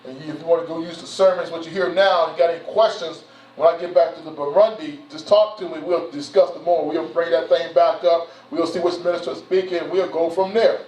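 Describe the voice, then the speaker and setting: A man's voice: fairly high pitch, steady tone, fairly quick, darkish tone. A man speaking as a church elder in an informal, folksy address, repeating himself and saying "you know" and "man" often. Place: church hall. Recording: roomy, distant, dull sound.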